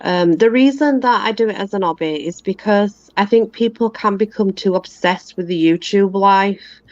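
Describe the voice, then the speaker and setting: A woman's voice: mid-range voice, moderate pace, darkish tone, dry recording. A woman chatting candidly as a guest on a live stream, repeating her points as she goes. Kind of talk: casual chat. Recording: dull, dry lo-fi call audio.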